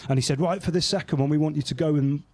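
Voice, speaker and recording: A man from England hosting a podcast, telling anecdotes in a casual, lively way and acting out the people he quotes. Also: on the high side, rapid-fire, dry recording. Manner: animated, acts out quoted voices in anecdotes. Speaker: podcast host. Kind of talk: casual storytelling chat.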